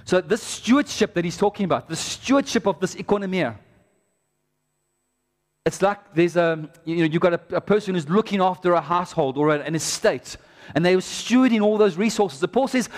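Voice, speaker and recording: A male preacher with a high voice delivers a sermon. He talks in an animated, eager way, rushing ahead and restarting sentences as ideas come to him. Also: in a large hall.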